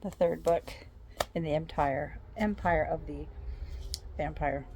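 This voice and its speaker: A woman's voice: deep voice, slow, creaky, dark tone, a little hiss or hum. A woman chatting eagerly at home in a casual reading diary, full of rambling asides. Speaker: book vlogger.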